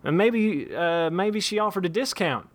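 A man's voice: high-pitched, lively intonation, measured pace, pitched above the performer's own voice. A man voicing an eager, naive young gunslinger. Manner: eager, admiring.

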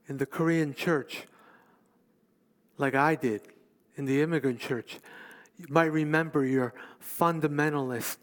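This pastor, a man in his fifties with a fairly high pitch, delivers an animated sermon that moves back and forth between loud emphasis and hushed asides.

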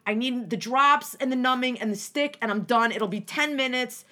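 Young woman, bright voice, fairly high, animated storytelling, profane, rambling restarts, casual chat. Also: moderate pace. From New Jersey.

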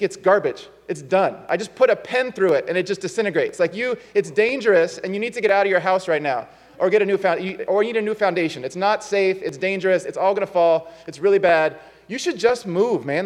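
A pastor putting on a jittery male pest inspector who stammers and then pleads, high and lively, in a long-ringing church hall. The voice stays close to the storyteller's own. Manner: hesitant, then urgently insistent.

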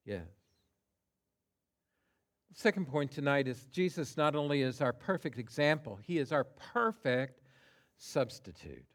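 A male pastor with a medium-pitched voice and lively intonation delivers a sermon, speaking emphatically and deliberately. He swings between hushed tones and loud cries, stressing individual words.

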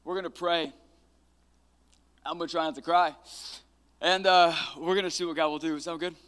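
High, bright-voiced pastor in a reverberant hall. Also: male voice, moderate pace, clear, resonant tone. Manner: energetic, casual asides, swells into fervent prayer. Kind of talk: sermon with Bible storytelling and prayer. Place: church sanctuary.

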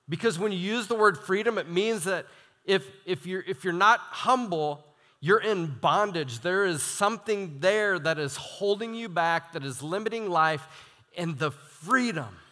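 A young adult man preaching a sermon as a student minister, animated and self-deprecating, reading quotes with emphasis. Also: sits high. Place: church hall. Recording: long hall reverb.

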